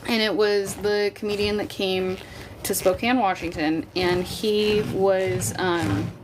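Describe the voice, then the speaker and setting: A woman's voice: medium pitch, steady tone, takes it slowly, noisy background. A young woman hosting a casual livestream, chatting candidly with her viewers and swearing freely. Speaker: livestream host. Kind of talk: casual chat to a live chat.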